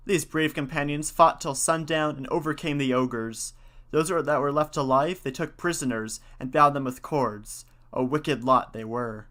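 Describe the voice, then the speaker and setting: Male podcast host; bright, lively storyteller with a conversational aside. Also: on the high side. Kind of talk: storytelling and casual commentary.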